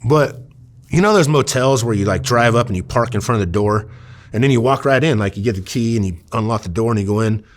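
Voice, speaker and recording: This Iowa man, once an undercover officer, speaks fast in a mid-range voice. Chatting casually in an interview, he rambles through his stories with plenty of fillers and performs the quoted lines.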